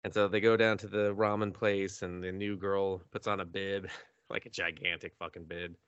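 A man co-hosting a podcast, casually retelling an anime episode with swearing, laughter and quick acted-out voices. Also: deep voice, clean tone, no room sound, lo-fi sound. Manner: animated storytelling with swearing and laughter, acting out characters. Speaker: podcast co-host.

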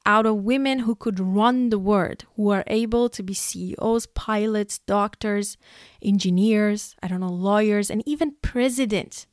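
A woman's voice: medium pitch, no echo, studio quality. A young woman from Iran giving an emotional, exasperated opinion monologue as a vlogger, sighing and laughing between points.

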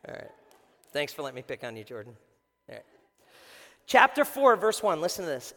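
A man preaching a sermon to a congregation, swinging from shouting to hushed tones and acting out the lines he quotes. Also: a little high, lively intonation, fairly quick. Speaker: pastor. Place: church sanctuary before a congregation. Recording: echoey hall reverb.

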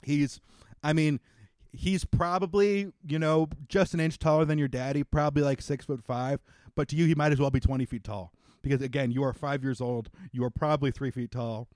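A man's voice: fairly high pitch, steady tone, a little fast, a little mellow, dry recording, studio quality. A man running a tabletop game as game master, describing scenes in a loose, rambling way with restarts.

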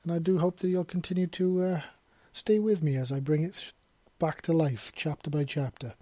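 Welsh man, story reader, dark mellow tone, husky, dry close sound, self-deprecating, trips over words. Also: on the high side, fairly even intonation, moderate pace, no echo. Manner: chatty, self-deprecating, stumbles and restarts words. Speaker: fanfiction podcast narrator. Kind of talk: casual intro then story reading.

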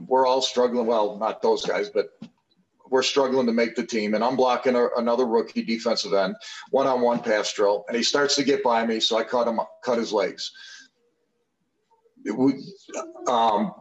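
An older man in his sixties sits in as a podcast guest and spins loose, rambling anecdotes, circling back with fillers and restarts. His mid-pitched voice comes through a slightly dull, lo-fi recording. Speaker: podcast guest, former football player. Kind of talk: casual storytelling interview.

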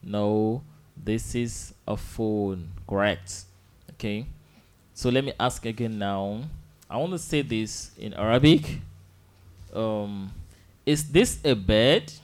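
A man teaching an Arabic lesson, drilling simple phrases slowly and patiently and asking students to repeat after him. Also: fairly low pitch, smooth. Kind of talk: online language lesson.

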